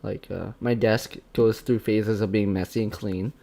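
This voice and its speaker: Candid low-voiced young man on a livestream. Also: steady tone, creaky, mellow. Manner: candid, halting, with many restarts. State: tearful, emotional. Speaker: channel host being interviewed. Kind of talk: casual livestream chat.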